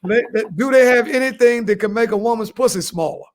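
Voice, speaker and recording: A man's voice: very high-pitched, a little fast. A man co-hosting a comedy podcast, giving crude advice in a boastful, repetitive way and laughing at his own jokes. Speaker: podcast co-host.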